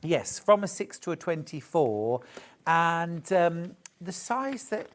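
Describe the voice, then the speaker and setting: A man's voice: on the high side, big pitch swings, slow. A man presenting a live shopping show, chatting and joking as he gushes over fabrics. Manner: chatty, gushing, jokey. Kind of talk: live sales chat.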